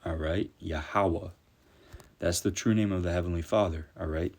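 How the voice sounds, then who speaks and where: A man teaching from scripture, reading verses slowly and ending nearly every phrase with "all right?". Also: deep voice, steady tone, darkish tone. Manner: peppers speech with "all right?"; reads verses slowly and deliberately. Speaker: preacher.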